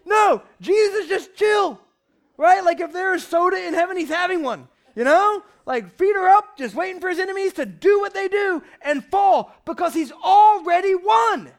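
A young man preaching a lively, conversational sermon from a church stage, shouting at times for emphasis. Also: very high-pitched, normal speed, creaky. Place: church stage before a congregation.

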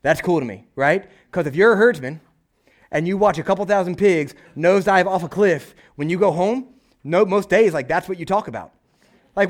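A man delivering a sermon with a high-pitched voice. He talks in an animated, chatty way and slips into quick acted-out voices to tell the story. He keeps asking his listeners "right?". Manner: animated preaching, acts out voices, frequent "right?". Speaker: pastor.

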